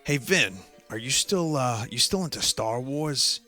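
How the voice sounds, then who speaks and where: A man imitating his boastful cousin in his forties, dropping his voice lower and softer. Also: animated, measured pace, soft background music. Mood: bragging.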